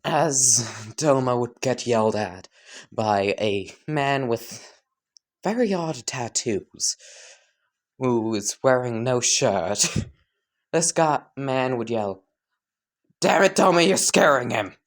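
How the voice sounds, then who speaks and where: A man's voice: mid-range voice, expressive, slow. A man casually narrating an improvised fan story, rambling and laughing to himself.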